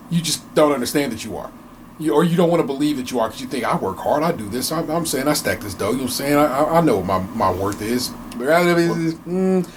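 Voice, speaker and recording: A man's voice: a little high, slight background noise. A man co-hosting a casual podcast, ranting with heavy swearing and many restarts in a home basement studio. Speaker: podcast co-host. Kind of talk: casual chat.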